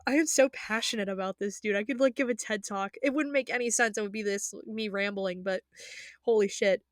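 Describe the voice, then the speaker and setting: Speaking a little fast in a mid-range voice, a young woman vents in a casual vlog about anime. She's emotional and excitable, rambling, restarting often and cursing, in a dry, clean studio recording.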